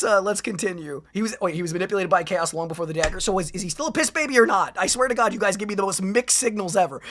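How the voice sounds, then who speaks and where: A streamer reacting to videos in a live-stream chat, talking in an animated, rambling way with bursts of exclamation. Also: mid-range voice.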